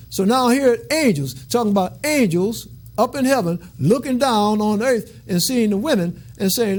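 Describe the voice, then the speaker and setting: A man's voice: high-pitched, animated, normal speed, few pauses. A man teaching from scripture in a sermon, reading aloud and breaking off for casual, colloquial asides and frequent check-ins. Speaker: Bible teacher.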